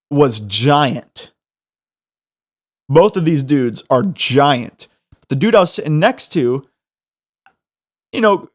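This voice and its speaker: A young man hosting a podcast, telling a funny story in an animated, self-mocking way. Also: on the high side. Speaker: podcast host. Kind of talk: comedic storytelling.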